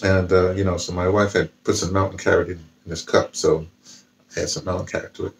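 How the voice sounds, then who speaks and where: A man with a low voice talks casually about novels he has been reading. He rambles and restarts his sentences often. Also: level tone, brisk, creaky, slight background noise. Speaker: vlogger. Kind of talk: casual book talk with reading aloud.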